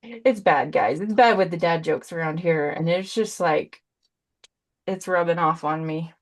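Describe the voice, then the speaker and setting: A woman in her forties, a brand ambassador, demonstrates paints live over a video call. Her fairly low voice is unhurried as she chats, rambles and tosses in puns.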